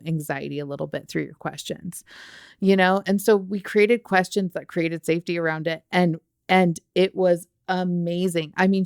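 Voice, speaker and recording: A woman's voice: on the low side, smooth, dry recording, clean studio sound. A woman on a podcast, earnestly telling a story about helping her child through anxiety, in casual conversation. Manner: earnest, storytelling, warm retelling of dialogue. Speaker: mother sharing a parenting story.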